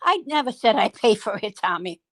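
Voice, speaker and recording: A woman's voice: medium pitch, very animated, a little fast, low-quality recording. A woman on a voice call panel defending herself, insisting that she be allowed to finish speaking. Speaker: panel member. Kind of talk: heated argument on an online voice panel.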